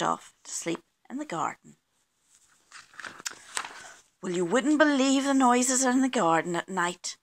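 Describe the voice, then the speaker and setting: A woman reading a children's picture book aloud, slow and expressive, acting out the sound effects. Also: lowish voice, creaky. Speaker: children's story reader.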